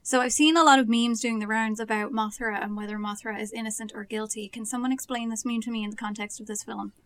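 Fast-talking woman tossing in quips. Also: on the high side, steady tone. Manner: quick asides, apologetic quips. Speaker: film review panelist. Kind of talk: casual film review chat.

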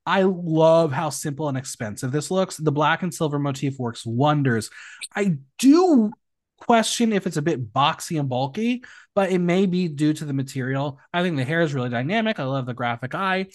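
A man hosting a casual recap podcast, opinionated and animated. His voice sits a little high and swings widely in pitch. He is recorded dry and close, with no room sound. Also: moderate pace, dry recording. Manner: animated, opinionated, swings between loud and hushed. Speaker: podcast host.

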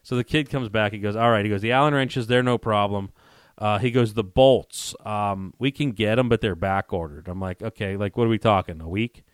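A man co-hosting a casual chat, telling a story with quick laughs and acting out both sides of a phone call. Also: lowish voice, no echo, studio quality. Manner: animated storyteller who acts out both sides of phone calls, laughing as he goes. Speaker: podcast co-host.

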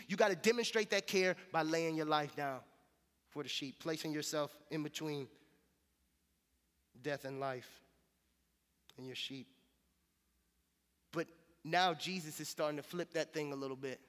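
Male pastor, high-pitched, casual conversational sermon delivery; church hall reverb. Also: fairly bright tone. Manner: conversational, storytelling with casual slang. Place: church sanctuary.

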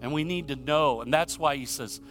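A man from Michigan preaching a sermon, telling stories and asking rhetorical questions, swinging between loud emphasis and hushed moments. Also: fairly high pitch, moderate pace, faint music behind. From Michigan, USA. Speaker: pastor.

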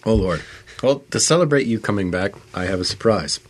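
Lively teasing male podcast co-host. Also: lowish voice, fairly quick. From Southern California. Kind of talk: casual banter.

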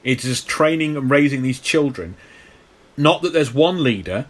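Male podcast co-host, mid pitch, explanatory, stammering. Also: lively intonation, normal speed. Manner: knowledgeable, explains at length with stammered restarts. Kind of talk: casual film podcast chat.

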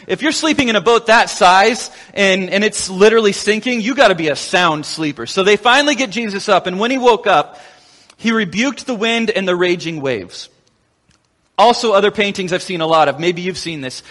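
Man, pastor, sermon, animated storytelling, high-pitched, echoing hall. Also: normal speed. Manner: animated storyteller who acts out quotes. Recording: long echoing reverb.

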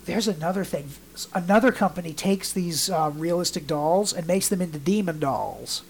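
A man's voice: sits high, moderate pace, a little hiss or hum. A man co-hosting a laid-back podcast, spinning long, rambling anecdotes. He talks loosely and casually, in a natural conversational way. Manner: rambling storyteller, acts out quotes in mock voices. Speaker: podcast co-host.

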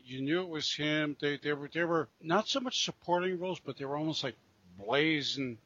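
A man co-hosting a podcast, talking about old films in a halting way, often repeating words and restarting sentences. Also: a little high, a bit bright, slightly rough. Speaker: podcast co-host. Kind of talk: casual chat. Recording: dull lo-fi podcast audio.

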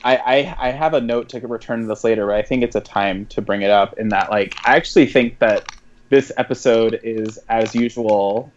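A man co-hosting a podcast, talking casually and in a rambling, animated way about a TV episode, with quick asides. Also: on the low side, highs cut off, slight background noise. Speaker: podcast co-host.

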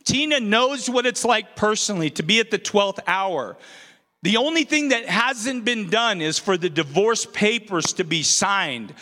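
A man's voice: sits high, animated, unhurried, bright, forceful tone. A man in his forties preaching a sermon, earnest and self-deprecating, with playful outbursts. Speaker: pastor. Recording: reverberant hall.

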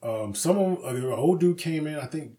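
A podcast co-host with a somewhat high, mellow voice and lively intonation tells a story at a moderate pace. The chat is casual and heavily profane, and he acts out the voices of the people he quotes.

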